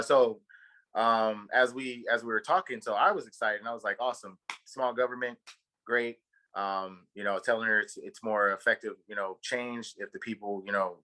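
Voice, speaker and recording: A Texan man co-hosting a podcast rambles through a long story in casual chat, piling on fillers and swear words. His voice is on the low side, pushed and bright, and the recording quality is poor.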